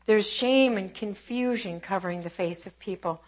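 A woman preaching a sermon with an opening prayer, fervent and emphatic, swinging between hushed and forceful delivery. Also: medium pitch, normal speed.

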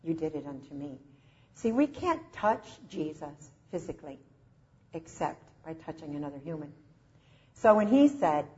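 A woman preacher delivering a sermon in an emotive, slow and emphatic way, recorded with dull lo-fi sound. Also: low-pitched, very animated, mellow.

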